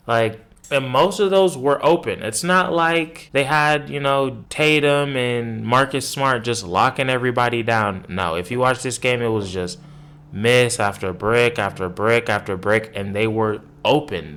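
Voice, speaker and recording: Male sports podcast host, lowish voice, profane and exasperated, loose rambling rant. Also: fairly bright tone. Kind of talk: casual sports commentary rant.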